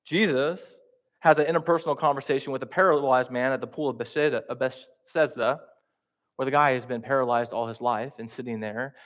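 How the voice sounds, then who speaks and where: A man preaching in a church, talking conversationally and with humor, acting out the quotes he tells. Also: mid-range voice. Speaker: pastor teaching a class. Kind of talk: sermon.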